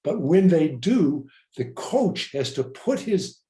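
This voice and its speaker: A man's voice: fairly high pitch, big pitch swings, slow pace, mellow, echoey room. An older man hosting a podcast, reflecting earnestly and often repeating words as he speaks. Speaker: podcast host. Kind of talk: reflective interview talk.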